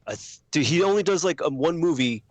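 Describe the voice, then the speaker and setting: A man's voice: on the high side, animated, fairly quick, highs cut off, crowd noise. A man co-hosting a podcast, rambling casually, swearing and joking. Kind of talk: casual chat.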